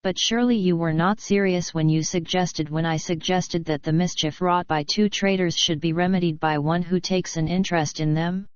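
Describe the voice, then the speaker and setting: A suave, cynical middle-aged general, voiced by a woman narrator, speaking blandly and with false courtesy in a storybook reading. The voice stays low and smooth, recorded close and dry on a slightly dull track. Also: fairly even intonation, moderate pace, hardly any pauses, no echo, close to an everyday voice.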